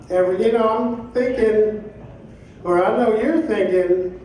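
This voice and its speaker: A man's voice: sits high, steady tone, unhurried, darkish tone. A middle-aged man performing a live stand-up set, joking loosely and working the crowd. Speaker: stand-up comedian. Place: comedy club stage. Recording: echoey club from a distance. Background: audience laughter.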